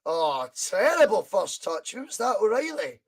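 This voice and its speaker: Excitable Scottish football podcast host. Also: male voice, high voice, normal speed. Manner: chatty, excitable bursts at chances, reads out viewer comments. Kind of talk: live fan match commentary.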